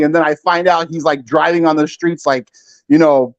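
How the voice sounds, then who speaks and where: A man with a fairly high voice tells a long, rambling story as a guest on a livestream. He fills his speech with "like" and "you know" and slips into other voices for the quotes. The stream audio sounds dull and lo-fi. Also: steady tone, moderate pace. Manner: rambling, filler-heavy, acts out quotes. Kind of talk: casual chat, storytelling.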